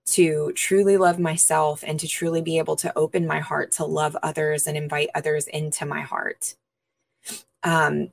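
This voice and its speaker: A woman interview guest, a minister, earnestly telling her personal testimony with pauses and frequent fillers. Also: low-pitched, creaky.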